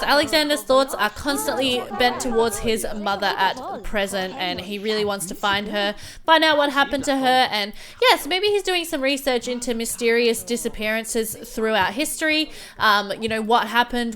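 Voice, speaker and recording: A woman's voice: on the high side, fairly bright tone. Chatty, giggly woman narrating gameplay. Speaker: gameplay video host. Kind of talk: casual gameplay commentary.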